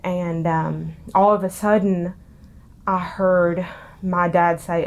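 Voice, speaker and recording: A young woman, tearful and halting as she recounts her past in an interview. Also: lowish voice, flat delivery. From Tennessee. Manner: halting, with many ums. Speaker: interviewee, daughter of a street preacher.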